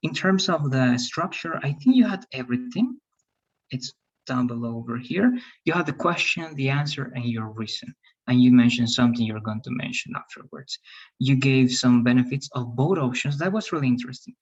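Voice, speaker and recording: A teacher giving feedback and pronunciation drills in an online English class, patiently repeating words slowly. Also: medium pitch, husky, lo-fi sound.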